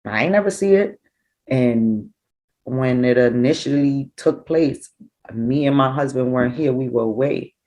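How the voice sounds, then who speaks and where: A middle-aged woman, a grieving mother recounting events in an interview, animated and acting out what people said. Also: rumbling low, unhurried, dull audio. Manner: animated, acts out quoted dialogue. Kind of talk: emotional personal storytelling.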